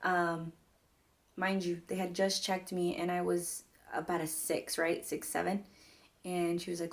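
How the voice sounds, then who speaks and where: A woman's voice: lowish voice, little pitch movement, unhurried. A young woman telling a personal story to her viewers in a chatty, rambling way, full of "like" and "mind you guys". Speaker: vlogger. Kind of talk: casual storytelling to camera.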